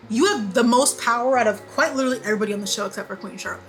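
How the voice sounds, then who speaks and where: A woman in her twenties giving a casual, animated TV recap, repeating lines for emphasis and laughing often. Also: fairly high pitch, very fast, few pauses, soft background music, low-quality recording. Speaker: beauty vlogger.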